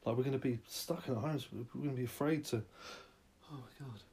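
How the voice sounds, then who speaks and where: A man's voice: mid-range voice, brisk, creaky, warm tone, husky. A young man hosting a podcast, ranting through a profane, rambling comic monologue that keeps escalating. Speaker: podcast host.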